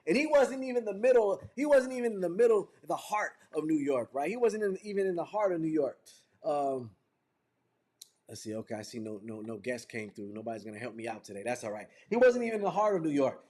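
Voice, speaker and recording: A man with a high voice runs a motivational sales training over a video call. He talks in fervent, repetitive build-ups with a preacher-like cadence. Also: expressive, brisk, a little mellow. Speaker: business trainer.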